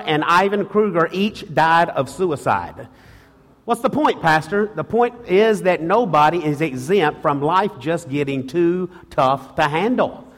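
A man pastor preaching a sermon with passion, often restarting phrases and calling out to the congregation. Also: a little high. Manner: impassioned preaching, rhetorical calls to the congregation; frequent restarts and repetitions. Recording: long reverb of a large hall.

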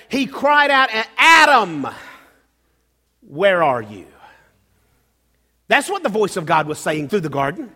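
High-voiced male pastor preaching in a hall. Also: a bit bright. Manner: preaching, often halting and restarting, with bursts of raised emphasis. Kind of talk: sermon. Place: church sanctuary. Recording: long hall reverb.

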